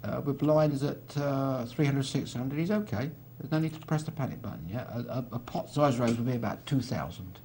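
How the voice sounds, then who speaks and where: A man's voice: medium pitch, animated, fairly quick, hardly any pauses, a little mellow, a little hiss or hum. A man gives live poker commentary, walking through each hand with a chatty manner and dry teasing asides to his co-host.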